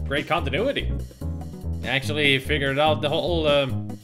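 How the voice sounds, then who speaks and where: A man's voice: fairly high pitch, fairly even intonation, moderate pace, long pauses, over music. A man casually commenting on his gameplay with wry, joking asides to his viewers. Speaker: let's play streamer.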